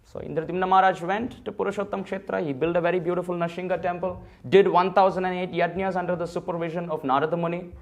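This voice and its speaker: A man's voice: sits high, flat delivery, quick pace, vocal fry, few pauses. A man giving a temple sermon, telling a sacred story and acting out the dialogue of its figures. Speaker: temple speaker. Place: temple hall.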